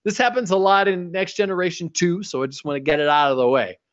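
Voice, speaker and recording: A man co-hosting a podcast, recapping an episode in casual chat, rambling and dropping into quick impressions. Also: high voice. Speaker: podcast co-host. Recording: dull lo-fi audio.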